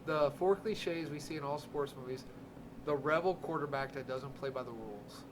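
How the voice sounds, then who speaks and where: A man hosting a podcast in casual chat, excitable, with stumbling restarts and frequent laughter. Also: medium pitch, moderate pace, background noise. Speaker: podcast host.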